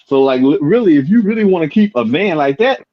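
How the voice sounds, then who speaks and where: A man's voice: on the high side, a little fast, a little hiss or hum. A man chatting casually and telling personal stories, acting out the voices of people in them. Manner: animated storyteller, acts out voices in the story. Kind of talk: casual chat, storytelling. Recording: dull lo-fi sound.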